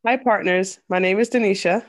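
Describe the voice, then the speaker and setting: A woman's voice: mid-range voice, brisk, no echo. Nasal-voiced woman podcast host. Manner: chatty, storytelling, with restarts. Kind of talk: casual podcast chat. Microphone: headset over video call.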